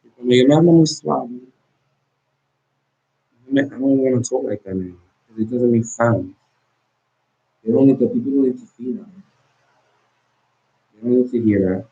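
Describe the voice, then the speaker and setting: Husky man, intense pleading monologue. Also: medium pitch, warm tone. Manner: intense, pleading and confrontational, halting repetitions. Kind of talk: emotional direct-to-camera monologue. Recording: dull lo-fi recording.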